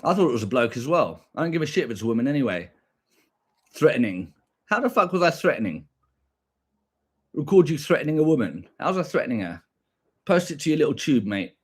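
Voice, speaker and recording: A man's voice: medium pitch, big pitch swings, brisk, long pauses, breathy edge. A young British man with a combative, profane manner, ranting back at viewers on a stream and repeating his points.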